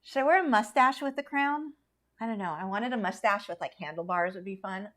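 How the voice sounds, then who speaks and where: A woman's voice: medium pitch, fairly quick, fairly bright tone. A woman artist chatting casually and opinionatedly with viewers while she paints, laughing often. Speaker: artist streamer.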